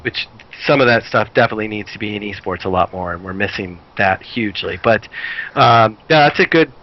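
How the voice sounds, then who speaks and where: A man's voice: fairly low pitch, brisk, a little hiss or hum. A man on a podcast explaining an idea casually, restarting his sentences often. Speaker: podcast panelist. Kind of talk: casual discussion. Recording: dull lo-fi audio.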